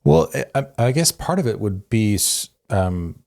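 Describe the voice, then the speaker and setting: A young man from Newfoundland with a mild Newfoundland accent, hosting a relaxed interview chat and often tagging lines with "right?". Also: on the low side, moderate pace, vocal fry. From Newfoundland, Canada. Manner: relaxed, says "right?" and "you know" often. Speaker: podcast host.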